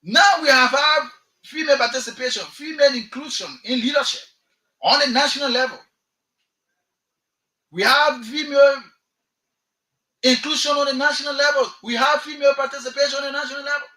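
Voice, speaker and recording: A man's voice: extremely high pitch, fairly even intonation, a little fast, long pauses, pushed and bright, roomy sound, low-quality recording. A man with a Liberian English accent hosting a radio talk show, delivering impassioned political commentary and firing off repeated rhetorical questions. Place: radio studio.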